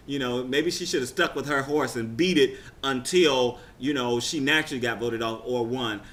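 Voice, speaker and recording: Chatty excitable man recapping a show. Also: medium pitch. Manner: chatty, excitable, rambling with restarts. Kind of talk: casual recap talk.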